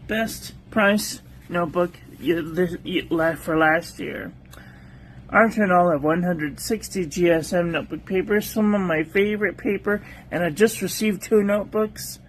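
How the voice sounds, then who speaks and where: A man's voice: high-pitched, a little hiss or hum. A man casually reviewing stationery on a livestream, listing paper traits in short clipped phrases and chatting with viewers between items. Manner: chats aside with live viewers.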